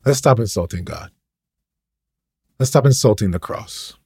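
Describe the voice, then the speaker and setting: A man's voice: fairly low pitch, a little slow, a little mellow, slightly rough, no room sound, clean studio sound. A man preaching an impassioned, ranting sermon, full of repetition and rhetorical questions.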